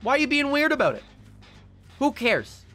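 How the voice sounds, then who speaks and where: A man's voice: extremely high pitch, huge pitch swings, moderate pace, fairly bright tone. A young man streaming a game live, casually ranting and swearing, laughing at himself between rants. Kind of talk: casual live-stream chat while gaming.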